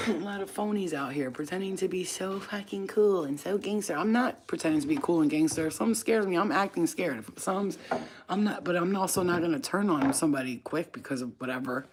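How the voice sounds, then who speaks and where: A woman talks to her viewers from home in a low voice. She is blunt and profane, animated one moment and close to a whisper the next. A faint hiss sits under the recording. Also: a little fast. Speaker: spiritual channel host. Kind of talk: casual straight-to-camera chat.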